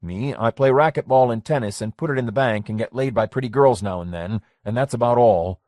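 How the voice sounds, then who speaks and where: Man playing a blunt businessman in his forties, gruff, skeptical, dry close sound. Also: mid-range voice, fairly quick, darkish tone, no room sound, natural voice. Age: 40s. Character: blunt, skeptical middle-aged businessman friend.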